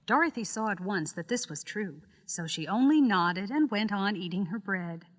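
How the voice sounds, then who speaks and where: A woman narrating a children's storybook record in a measured, expressive, scripted style. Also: mid-range voice, in a large hall.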